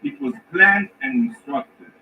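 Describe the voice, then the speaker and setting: A man giving a formal, prepared speech to a council as an ambassador, emphatic and indignant, with measured pauses. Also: sits high, lively intonation. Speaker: ambassador addressing the Security Council. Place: large council chamber. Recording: distant, dull rebroadcast with faint noise.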